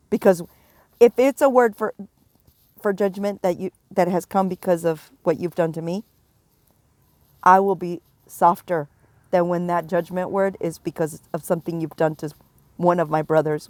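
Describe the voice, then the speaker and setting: A middle-aged woman giving a prophetic warning, stern and emphatic, pressing her points with slow repetition. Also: fairly low pitch, darkish tone, no echo. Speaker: self-described prophet.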